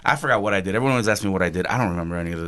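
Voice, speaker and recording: A man, a chef, telling a story casually on a podcast, animated and swearing, acting out quotes with laughs. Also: sits low, very fast, slight background noise. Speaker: chef guest.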